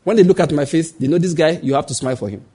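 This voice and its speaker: A man preaches a sermon in a fairly high, husky voice. He keeps asking the congregation rhetorical questions and drops into the voices of the people in his family stories. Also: expressive, rapid-fire, mellow. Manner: acts out quoted voices. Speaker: pastor.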